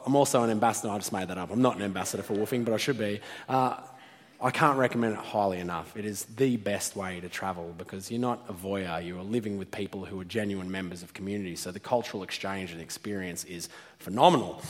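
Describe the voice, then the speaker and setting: Man, lowish voice, playful live storyteller, hall reverb. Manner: animated, self-mocking, laughs often. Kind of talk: live storytelling talk to an audience.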